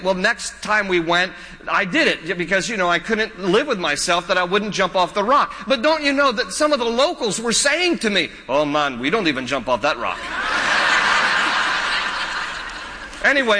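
A middle-aged man preaches to his church in a high, piercingly bright voice, repeating phrases for emphasis and asking his listeners questions. His stories come across as chatty and personal. The sound carries the long reverb of a church sanctuary. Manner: conversational, repetitive phrasing, asks the congregation questions. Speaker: pastor. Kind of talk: live sermon with stories.

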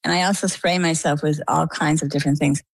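A middle-aged woman from Maine, a guest in an interview, telling her story in a lively, conversational way and acting out the quoted dialogue. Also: deep voice, fast talker, dry recording, rough recording. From Maine, USA.

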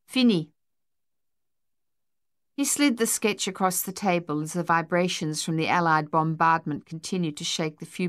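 A woman narrating a novel in a measured storytelling manner, close to the microphone. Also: fairly low pitch, a bit bright, no room sound. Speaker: audiobook narrator. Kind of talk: scripted narration.

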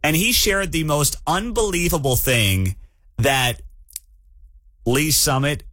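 A man hosting a morning talk radio show, ranting in an animated and incredulous way. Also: a little high, slow, dry recording.

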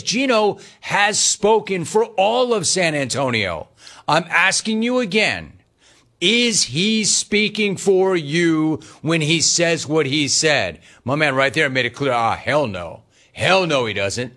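A man hosting a sports talk radio show, animated and emphatic, swinging between loud and soft. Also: a little high.

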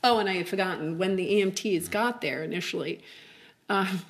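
A middle-aged woman telling a personal story as an interview guest, halting and chatty with many fillers and restarts. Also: mid-range voice.

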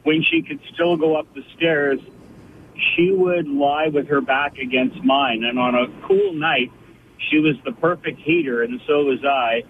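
A man's voice: on the high side, very animated, a little slow, creaky. A man calling in to a radio show, telling a story about himself in a reflective way. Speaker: caller. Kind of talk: phone-in call. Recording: tinny phone line with faint noise.

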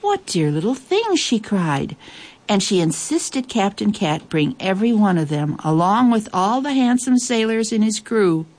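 A woman reading a children's story aloud in a lively, expressive way, with playful asides. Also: mid-range voice, a little slow.

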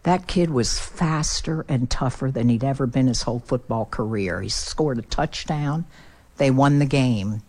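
A woman's voice: unhurried, darkish tone. Earnest middle-aged woman telling a story. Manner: earnest, builds emotion, drops low for sad moments. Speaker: guest speaker. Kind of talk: heartfelt storytelling talk.

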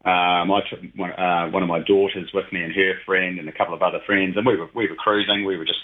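A man's voice: sits low, little pitch movement, fast talker. A middle-aged man chatting casually on radio as a regular guest, rambling with many fillers. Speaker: regular guest, heritage train operator. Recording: tinny phone line.

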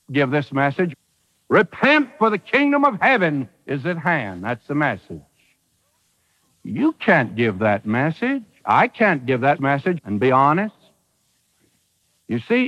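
A man's voice: a little high, fairly bright tone, in a large hall, muffled recording. A man preaching a sermon in a folksy, emphatic way, acting out quoted voices with drama. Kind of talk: radio sermon.

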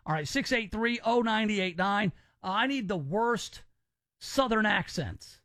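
A man's voice: sits high, expressive, a little slow, a bit bright, no echo. A man from the American South hosting a casual call-in radio show, chatty and emphatic. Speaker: radio host.

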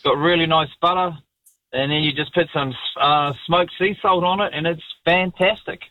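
A man's voice: fairly high pitch, steady tone, normal speed, dry recording. A man with a New Zealand accent calling in to a radio show, blunt and matey, saying "mate" again and again. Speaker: caller, chef. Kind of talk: phone-in call. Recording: muffled phone line.

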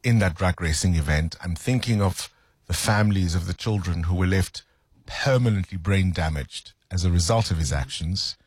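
A man's voice: low-pitched, normal speed, slightly rough, no echo, clean studio sound. A man hosting a radio show, chatting casually, laughing often and musing on the news. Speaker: radio host. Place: radio studio.

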